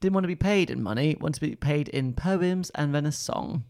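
A man's voice: fairly high pitch, normal speed, creaky, darkish tone. A man, co-hosting a casual podcast chat, laughing easily and mimicking characters. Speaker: podcast co-host.

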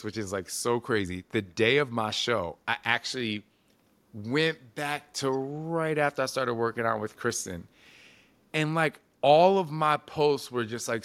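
Bright-voiced man in his forties, animated storyteller. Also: medium pitch. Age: 40s. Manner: animated, expressive storytelling with frequent "like" and swearing. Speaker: interviewee. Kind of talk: casual conversational interview.

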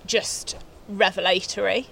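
A young woman talks casually on a podcast, laughing easily and swearing in passing. Her pitch sits in the middle, and a faint hiss lies under the recording. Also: flat delivery, unhurried, vocal fry, fairly bright tone. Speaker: podcast guest. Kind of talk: casual chat.

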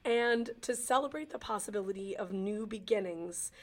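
A woman's voice: mid-range voice, normal speed. A woman hosting a podcast with a cold, chatting playfully with a guest and laughing easily. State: has a cold. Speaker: podcast host. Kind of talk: casual interview chat.

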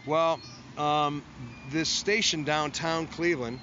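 A musician's rambling studio tale comes at a slow pace in a slightly high voice with fairly even intonation. He makes fun of himself while acting out the people he quotes, and the recording is dull and lo-fi with faint noise.

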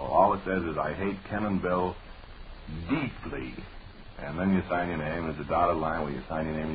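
A man from Lowell, hosting a 1940s radio show and reading listener mail with dry, mock-earnest deadpan humor. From Lowell, Massachusetts. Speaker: radio host. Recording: dull old 1940s radio broadcast with faint hiss.

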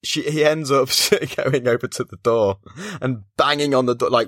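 A man's voice: mid-range voice, normal speed, dry recording, studio quality. A man co-hosting a podcast, chatting casually and acting out characters' lines as he retells scenes. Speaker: podcast co-host.

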